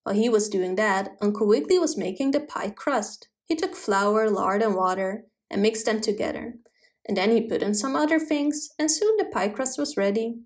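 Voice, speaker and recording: A woman reading a children's bedtime story aloud, gentle and expressive. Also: mid-range voice, moderate pace.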